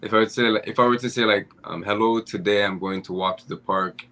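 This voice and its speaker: A man from Haiti with a very deep, low-pitched voice that still sounds bright and forceful. He explains things patiently and walks through examples in a relaxed podcast conversation. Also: fast. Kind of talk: casual podcast chat.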